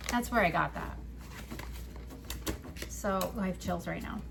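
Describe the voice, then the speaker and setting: A woman's voice: on the low side, a little fast, gravelly, background noise. A woman giving a casual tarot reading to her viewers, swearing freely and filling her talk with "like" and "right?". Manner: loose and profane, with frequent "like" and "right?". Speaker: tarot card reader.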